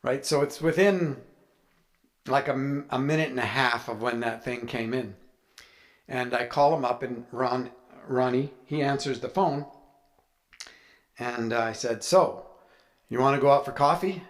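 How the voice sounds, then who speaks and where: A man's voice: medium pitch, fairly even intonation, unhurried, pauses often. A man, an author, telling a chatty, anecdotal story with playful humor to a live audience. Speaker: author speaking at a writers' event.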